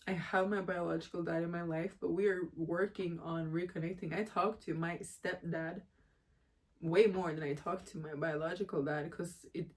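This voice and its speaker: A woman from Jamaica vlogging candidly about a personal matter, emotional and rambling as she talks. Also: fairly low pitch. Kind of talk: personal confessional vlog.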